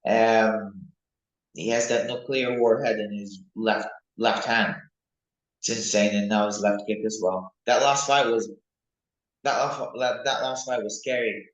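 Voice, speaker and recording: A young man, a mixed martial arts fighter, talking casually and excitedly in an interview, rambling from one thought to the next. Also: lowish voice, unhurried. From United Kingdom. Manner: rambling, excitable, animated when recalling fights. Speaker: MMA fighter, interview guest. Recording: echoey room.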